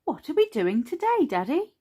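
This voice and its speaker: A woman voicing Peppa Pig, a cheerful little girl piglet, in an excited storybook reading. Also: sits high, normal speed, pitched above the performer's own voice. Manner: excited, squealing. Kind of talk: storybook character voice.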